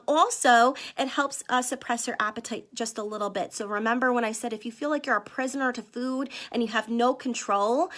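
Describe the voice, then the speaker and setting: A woman vlogger giving an earnest live-stream sales pitch, talking straight to her viewers and reading out their comments. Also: bright, forceful tone. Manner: earnest, addresses viewers as "you guys", reads out comments. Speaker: wellness vlogger selling supplements.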